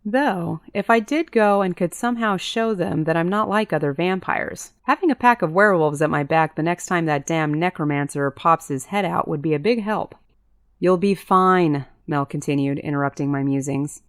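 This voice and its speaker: A woman with a fairly low voice reads a first-person audiobook. The sound is dry and close, with no room around it. She lifts her pitch to voice the characters in dialogue. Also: normal speed, few pauses, dry recording. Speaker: audiobook narrator.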